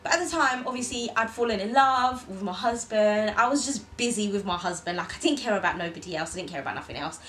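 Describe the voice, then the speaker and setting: A woman's voice: mid-range voice, fast talker, hardly any pauses, a little hiss or hum, rough recording. Chatty woman telling a story. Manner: chatty, animated quoting of others. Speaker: vlogger. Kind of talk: casual storytelling chat to camera.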